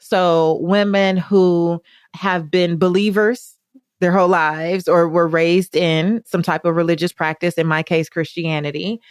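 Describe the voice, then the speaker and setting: A woman hosts her podcast in a slightly low voice. She gushes with eager, rambling enthusiasm. The sound is close and dry. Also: steady tone, unhurried, smooth, no room sound. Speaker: podcast host. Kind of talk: podcast intro and interview chat.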